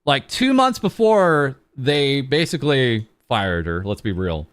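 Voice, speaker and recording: A man's voice: medium pitch, very animated, unhurried, smooth, dry recording. A young man streaming as a VTuber, chatting casually and rambling with a self-mocking, filler-heavy way of talking. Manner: rambling, self-mocking, with lots of ums and uhs. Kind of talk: casual charity livestream chat.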